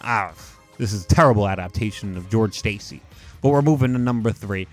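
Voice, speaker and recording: A young man giving casual, animated commentary on film adaptations, leaning heavily on "like" and emphatic rants. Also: on the low side, brisk, soft background music. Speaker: YouTube movie commentator.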